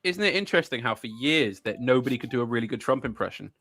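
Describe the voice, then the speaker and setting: An excitable man co-hosts a casual chat and often stumbles while searching for words. His voice is bright and fairly high, swinging widely in pitch, and the sound is dry and close. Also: fast talker, no room sound, faint music behind. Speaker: podcast co-host.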